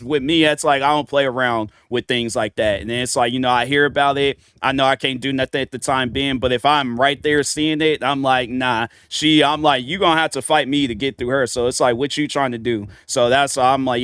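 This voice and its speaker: A man's voice: medium pitch, fairly even intonation, a little fast, few pauses, fairly bright tone, smooth, no room sound. A young man hosting a reaction video, rambling loosely and voicing his own thoughts as little quotes. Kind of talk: casual reaction commentary.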